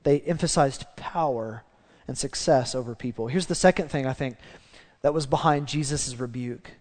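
A man preaching a sermon as pastor, animated, acting out the voices of the people in his story. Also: medium pitch, moderate pace, long reverb tail.

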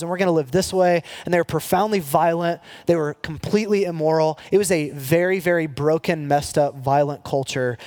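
Man, pastor, sermon, animated, acts out quotes, somewhat high pitch.

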